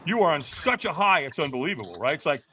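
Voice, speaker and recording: Animated man telling a dramatic story. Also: a little high, fast, a little hiss or hum. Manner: dramatic, acts out quotes, often asks "right?". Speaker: podcast guest.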